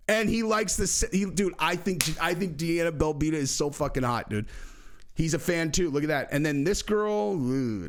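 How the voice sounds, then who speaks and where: A brash man riffs through crude, casual commentary, swearing freely and laughing at his own jokes. His voice sits at an ordinary middle pitch for a man. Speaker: YouTube host.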